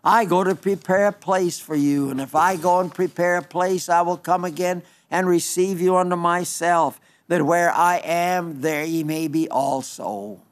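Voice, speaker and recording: A man with a high voice preaches an unhurried, earnest sermon. He quotes long passages of scripture and sometimes stops to restart a word. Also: fairly even intonation.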